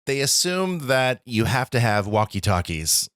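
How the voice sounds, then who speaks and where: A man co-hosts a movie podcast, chatting about films with enthusiasm and frequent laughter. His medium-pitched voice is sing-song and fairly bright, and he speaks a little slowly. The recording is studio quality with no room sound.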